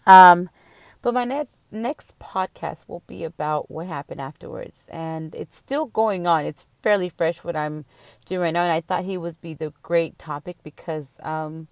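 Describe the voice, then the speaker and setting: A woman's voice: lowish voice, no echo. A tipsy woman hosting her own podcast, ranting bluntly and swearing freely in a casual solo monologue. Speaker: podcast host.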